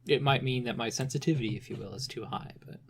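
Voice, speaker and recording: A man's voice: medium pitch, fast, vocal fry, slight background noise. Rambling man on a podcast. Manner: rambling, restarts often, many "you know" fillers. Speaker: podcast guest expert. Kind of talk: casual podcast conversation.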